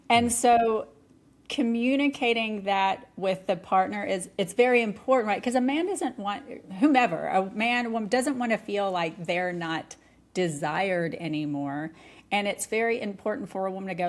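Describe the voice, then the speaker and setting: A middle-aged woman talking candidly on a podcast, animated and often laughing. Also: mid-range voice, moderate pace. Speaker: podcast guest. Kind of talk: conversational podcast talk.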